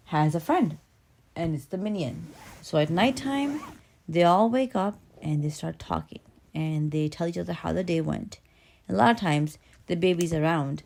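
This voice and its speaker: A woman telling an original children's story in a playful, animated way, swinging between hushed and loud. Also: low-pitched, creaky.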